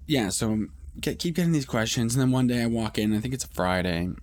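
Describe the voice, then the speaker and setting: A man's voice: mid-range voice, expressive, fairly quick. A man hosting a podcast, telling a rambling, profane story in casual monologue with many restarts. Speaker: podcast host.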